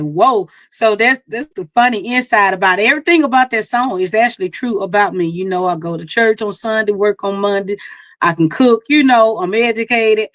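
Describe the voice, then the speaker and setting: A woman's voice: mid-range voice, no echo. A middle-aged woman from Mississippi with a country Mississippi accent, telling folksy stories as a singer guest in a casual interview. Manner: folksy, storytelling, laughs at herself.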